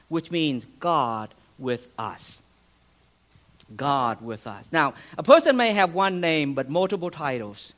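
A man's voice: fairly high pitch, expressive, unhurried, fairly bright tone. A man preaching a sermon as a pastor, earnest, with restarts and a voice that rises and falls for emphasis.

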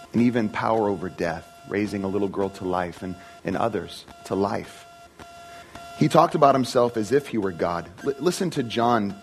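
A man's voice: lowish voice, rough recording. A man preaching a sermon in an earnest, emphatic way, often repeating and restarting words.

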